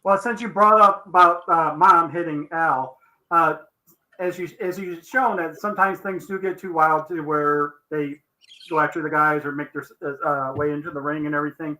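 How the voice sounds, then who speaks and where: A man's voice: fairly high pitch, fairly even intonation, normal speed, bright, forceful tone, low-quality recording. A man co-hosting a casual podcast, teasing the guest and asking questions. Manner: teasing, drily joking. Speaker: podcast co-host. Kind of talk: casual chat.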